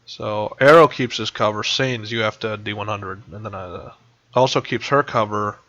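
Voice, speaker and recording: A man's voice: on the low side, normal speed, pushed and bright, no room sound. A man narrating as game master of a tabletop game over voice chat, rambling with many fillers. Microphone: voice chat headset. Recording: dull lo-fi voice chat.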